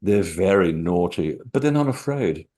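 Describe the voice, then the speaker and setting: A middle-aged man with a lowish voice, speaking as an interview guest. He wanders from story to story and hesitates often. His delivery is easygoing and conversational. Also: lively intonation, normal speed, warm tone. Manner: rambling, anecdotal, many fillers. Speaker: author and guest. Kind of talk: casual interview talk.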